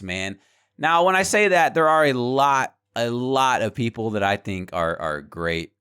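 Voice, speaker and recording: A man's voice: mid-range voice, animated, unhurried, a bit bright, clean tone. A man talking candidly to his viewers in a vlog, frank and heated, swearing freely and repeating words as he gets worked up. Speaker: small gaming YouTuber and streamer. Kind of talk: candid vlog rant to camera.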